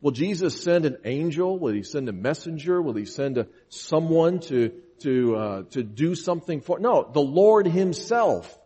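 A man's voice: a little high, lively intonation, moderate pace, hardly any pauses, mellow, muffled recording. A man preaching a sermon, reading scripture aloud and driving his points home with earnest, emphatic repetition. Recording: long reverb of a large hall.

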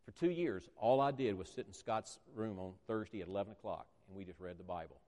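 A man preaching a sermon to a congregation, emphatic and repetitive, slowing down to stress key words. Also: on the low side, mellow. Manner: emphatic, repeats phrases, stretches words for emphasis. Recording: echoey church hall.

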